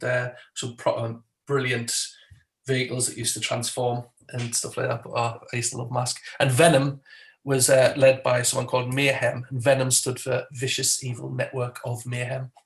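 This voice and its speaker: Geordie comedian guest, quick jokey delivery, gravelly voice, middle pitch. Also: male voice, completely flat delivery, reverberant, poor audio. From Newcastle, England. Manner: fast, laughing, jokey. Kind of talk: casual chat.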